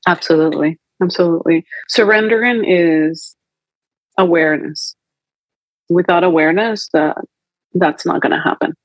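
A woman's voice: on the low side, normal speed, dry recording, poor audio. A woman holistic coach talking through feelings as a podcast guest, reflective and acting out inner dialogue. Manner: reflective, acts out inner dialogue in quoted voices. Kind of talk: conversational coaching talk.

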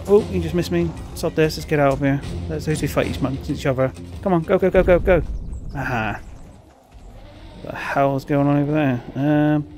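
A man giving excitable, rambling gameplay commentary, full of fillers and urgent chanting. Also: a little high. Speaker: gaming YouTuber.

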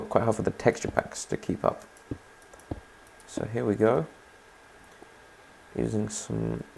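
A man with a low, gravelly voice talks his way through a let's play video. He rambles casually as he builds and keeps inviting viewers to chime in. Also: mellow, a little hiss or hum. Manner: rambling, chatty, asks viewers to comment. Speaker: gaming channel host.

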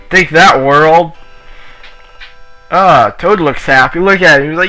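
A man giving casual let's play commentary while racing, excitable and yelling at the racers in the game, with a sore throat. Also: a little high, normal speed, soft background music, rough recording. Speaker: gamer playing on his channel.

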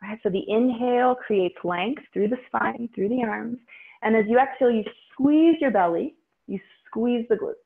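A woman teaching a guided yoga class, calmly cueing breaths and poses. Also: a little high, normal speed, gravelly. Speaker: yoga instructor. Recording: tinny phone-like audio.

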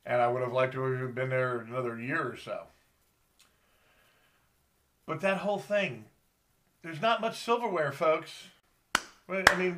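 A man's voice: on the high side, noisy background. A middle-aged man, a fishing charter captain, chatting in a rambling, folksy way as he shows off tackle to his viewers. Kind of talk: casual show-and-tell vlog.

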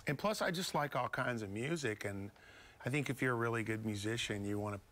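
A guest musician from Beaumont, Texas tells stories in a casual studio interview, his mid-range voice fairly quick and fairly bright. He's easygoing and rambling, full of fillers.

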